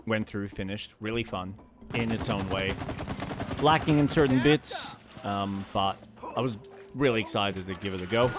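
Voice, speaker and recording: A man streaming a co-op video game, joking and swearing casually as he plays. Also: lowish voice. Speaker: gaming streamer. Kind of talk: casual gameplay commentary. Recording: voice over game music. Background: game music.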